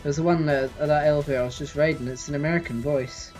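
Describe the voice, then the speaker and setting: A streamer chats casually through a live gameplay session, reading viewers' questions and answering them as they come in. The mid-range voice is quick, darkish, and fairly even in intonation, over faint music and poor audio.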